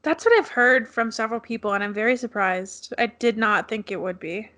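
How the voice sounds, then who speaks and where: A young woman co-hosting a casual podcast, teasing and laughing often as she talks. Her voice sits a little high for a woman. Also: a little fast, a bit bright. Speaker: co-host.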